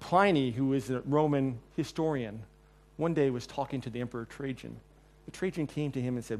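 A man preaching a sermon in a church. He tells the story with energy, acts out the quotes, and moves between loud and quiet passages. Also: medium pitch, a little fast. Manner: animated storyteller, acting out quotes, swings between loud and soft.

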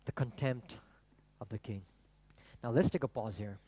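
Male pastor, mid pitch, lively sermon delivery, dry close recording. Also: moderate pace, husky, no echo. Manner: animated, rhetorical, asks the congregation questions. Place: church.

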